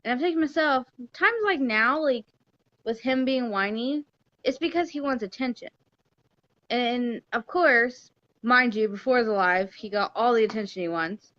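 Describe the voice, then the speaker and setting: A woman's voice: on the high side, moderate pace, a bit bright, highs cut off. A woman, a mother hosting a casual livestream from her home at night, chatting while she gets distracted and talks to her toddler. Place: home living room at night.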